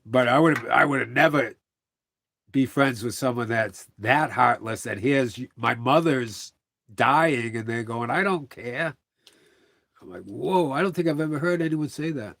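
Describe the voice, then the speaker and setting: A man's voice: mid-range voice, unhurried, gravelly, a bit bright, dry recording, clean studio sound. A middle-aged man chatting casually on a livestream, telling rambling stories full of quoted dialogue.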